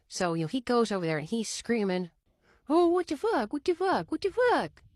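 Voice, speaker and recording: A woman's voice: on the low side, no echo, clean studio sound. A woman telling a story in a casual, chatty way, often saying "you know".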